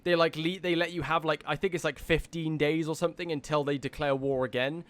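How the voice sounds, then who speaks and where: A man giving casual let's-play commentary as he plays, rambling with lots of fillers and breaking into excitement. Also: fairly high pitch, a little fast. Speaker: gaming video host.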